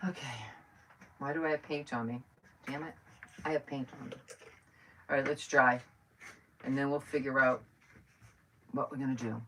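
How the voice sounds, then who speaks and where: A woman's voice: rumbling low, fairly even intonation, normal speed, pauses often, slight background noise. A middle-aged woman hosting a live crafting stream, chatting and thinking aloud as she works. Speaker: craft host. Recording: distant from the mic.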